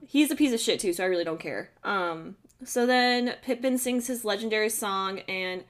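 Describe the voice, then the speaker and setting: A woman's voice: fairly high pitch, animated, measured pace. A young adult woman hosting a casual chat, retelling a film scene by scene in a profane, giggly way. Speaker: podcast host recapping a film.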